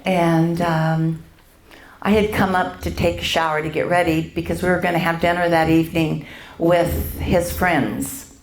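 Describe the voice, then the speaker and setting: An older woman sharing her personal faith testimony at a church event, halting, with many pauses and fillers. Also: on the low side, little pitch movement, reverberant.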